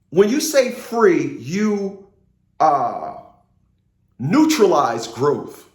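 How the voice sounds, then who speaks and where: A man's voice: on the high side, very animated, very slow, pauses often, darkish tone, echoey room. A man ranting in a casual political monologue, rambling, repeating himself and swearing. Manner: rambling, repeats words, profane. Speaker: political commentator.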